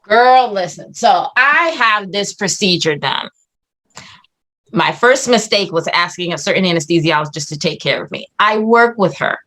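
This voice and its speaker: A woman's voice: mid-range voice, animated, normal speed, a bit bright. A woman guest on a podcast, telling a story in casual chat with blunt, dramatic, profane delivery.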